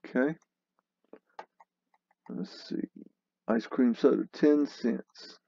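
Slow-talking man musing over old photos. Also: mid-range voice, very animated, creaky, dark tone, no echo, lo-fi sound. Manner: slow, musing, exclaiming and laughing at what he sees. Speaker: host narrating a photo tour. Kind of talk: casual commentary over photos.

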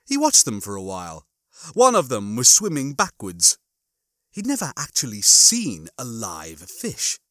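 A man reading a comic audiobook as narrator, with animated, expressive storytelling. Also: mid-range voice, no echo, studio quality. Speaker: audiobook reader.

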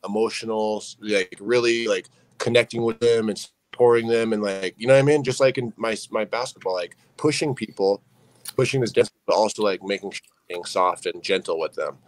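A man's voice: fairly low pitch, brisk, no echo, low-quality recording. A young man speaking as a podcast guest, telling his story earnestly and padding it with fillers like "you know what I mean.". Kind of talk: candid storytelling interview.

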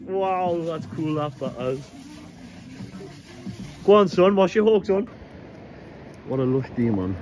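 High-pitched man cooing at his dog. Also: lively intonation, takes it slowly, pauses often, darkish tone, dull audio, slight background noise. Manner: coaxing the dog in a high sing-song voice, swears freely. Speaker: vlogger walking his dog. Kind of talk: casual chat while walking a dog. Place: outdoors on a coastline.

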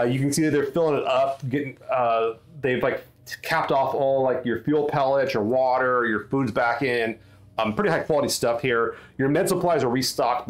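A man narrating a tabletop game as game master in a casual, rambling way with lots of fillers. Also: medium pitch.

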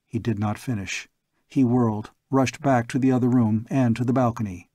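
A man narrating a pulp science fiction story aloud in a slow, measured storybook reading. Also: medium pitch, steady tone, warm tone, no echo, clean studio sound. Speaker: audiobook narrator.

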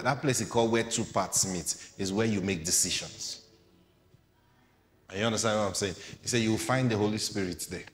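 A man with a deep voice preaches a sermon in a big, echoing room. He reads scripture aloud and explains it to the congregation through rhetorical questions.

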